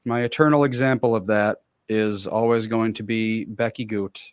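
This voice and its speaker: A man's voice: lowish voice, steady tone, clear, resonant tone, no echo, studio quality. Chatty man co-hosting radio. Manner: chatty, quick agreeing replies. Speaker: radio show co-host. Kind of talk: casual chat.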